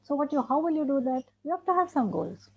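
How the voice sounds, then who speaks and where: A woman's voice: sits high, very animated, fast, creaky. A woman with an Indian English accent giving an emphatic training lecture to teachers and parents, repeating her points. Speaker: special education trainer. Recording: dull muffled lecture recording.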